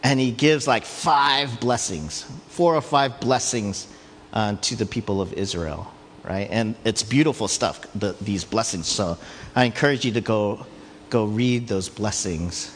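A man preaching a sermon, retelling a story in a lively, conversational way with frequent asides. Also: on the low side, measured pace, slight background noise. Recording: long hall reverb.

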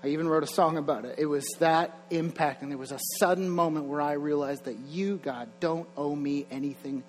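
A man's voice: fairly high pitch, steady tone, fairly quick. A young man preaching a sermon in a church, conversational, with chuckling asides and rising energy. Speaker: pastor. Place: church sanctuary. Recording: long hall reverb, faint mains hum.

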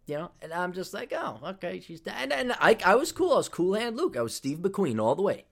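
A man talking on his podcast in a rambling, foul-mouthed way, drifting off on tangents and circling back to them. His pitch swings widely, rising and falling all through the telling, which keeps it animated. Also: brisk, creaky. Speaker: podcast host. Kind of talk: casual storytelling monologue.

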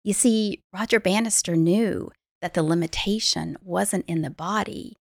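Gravelly-voiced woman life coach. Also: on the low side, measured pace, no room sound, clean studio sound. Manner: animated storyteller, laughs easily. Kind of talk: podcast conversation.

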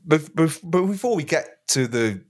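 A man's voice: on the high side, expressive, moderate pace. A man hosting a comedy podcast, joking and reading old passages aloud with mock gravity. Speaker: podcast host reading a historical text.

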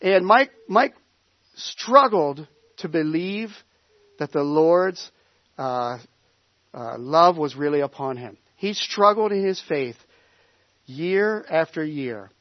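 A man's voice: a little high, lively intonation, slow, long pauses, no echo, highs cut off. A man preaching a sermon, telling a personal story in a conversational way with many restarts. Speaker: pastor.

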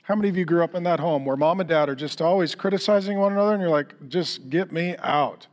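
A man's voice: high voice, very fast, a little mellow, big-room sound. A middle-aged man preaching a sermon as a pastor, conversational and self-deprecating, often acting out quoted dialogue.

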